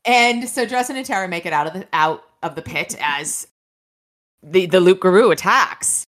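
A woman hosting a casual podcast, recapping a novel with eager, profane enthusiasm. Her voice sits low and comes across forceful and sharp. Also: expressive, moderate pace. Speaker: podcast host. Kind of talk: casual book discussion and reading aloud.

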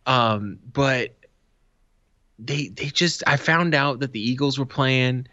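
A man's voice: medium pitch, takes it slowly, no room sound, dull audio. A man in his thirties co-hosting a podcast, chatting casually and telling profane stories, acting out what people said. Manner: profane, animated storytelling with acted-out quotes. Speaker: podcast co-host. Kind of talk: casual chat.

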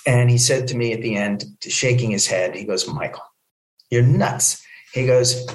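A man telling a long anecdote in an interview and acting out the people in it with lively quoted voices. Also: medium pitch, moderate pace, echoey room, poor audio. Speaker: guest, film producer. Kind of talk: storytelling in an interview.

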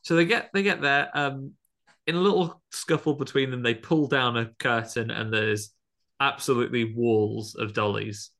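A man chats through a horror film's plot as a podcast co-host, his voice gravelly with fry at the ends of phrases. His tone is bright and forward, and he slips into quick put-on voices for the characters. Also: medium pitch, fairly even intonation. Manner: chatty, acts out quoted lines with bursts of voices. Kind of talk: casual chat recapping a film.

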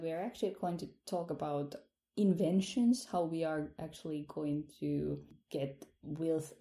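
A woman co-hosting a casual podcast in English, which is not her first language; she laughs often, mocks herself and fills pauses with "um". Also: fairly low pitch, warm tone. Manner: giggly, self-mocking, many ums. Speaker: podcast co-host.

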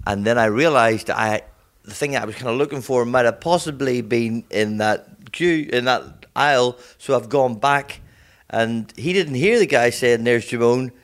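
A man's voice: mid-range voice, normal speed. A middle-aged man chatting as a comedian guest, telling anecdotes and jokes and acting out the people in them. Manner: animated storyteller, acts out voices in his stories.

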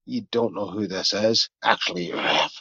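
A prankster caller , played by a man, puts on a thick Belfast accent with a sly, deadpan tease. The voice sits low and even. It comes through as a dry, muffled voicemail recording. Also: moderate pace, breathy edge, no room sound, exaggerated voice. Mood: teasing. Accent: put-on Belfast accent. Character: caller faking a Northern Irish accent. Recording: dull lo-fi voicemail audio.

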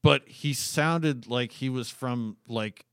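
A man's voice: mid-range voice, slow pace, clean tone, dry recording, studio quality. A man co-hosting a podcast in casual chat, ranting and swearing, exasperated. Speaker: podcast co-host.

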